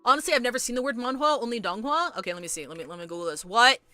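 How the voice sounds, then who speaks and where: Woman streamer, bright edgy voice, worked up, rambling, apologetic. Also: fairly high pitch, animated, racing, faint music behind. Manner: rambling, frustrated, apologetic, many restarts. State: agitated. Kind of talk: casual live-stream chat with viewers.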